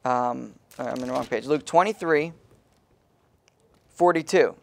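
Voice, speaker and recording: A man's voice: mid-range voice, unhurried, gravelly, darkish tone. A man preaching an emphatic sermon as pastor in a small church, calling on the congregation to read verses aloud.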